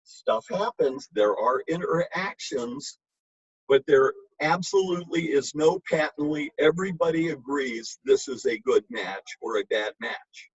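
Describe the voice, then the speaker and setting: A man's voice: a little high, animated, unhurried, slightly rough, no echo. A man giving an informal, emphatic lecture on wine with blunt, chatty asides. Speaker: wine educator. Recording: dull lo-fi recording.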